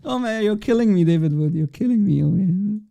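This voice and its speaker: A man hosting a livestream, reacting to clips with laughing, excitable, mocking asides to viewers. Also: high-pitched, fairly quick, creaky, no room sound. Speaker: livestream host. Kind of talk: live reaction commentary.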